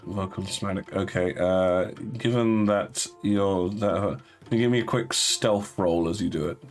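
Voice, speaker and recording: A man narrating as game master of a tabletop game, halting with fillers and restarts. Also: low-pitched, steady tone, soft background music.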